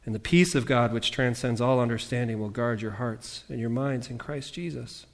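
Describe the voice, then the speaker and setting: A man preaching a sermon as pastor, animated, with jokey asides and voices he mimics. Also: mid-range voice, moderate pace.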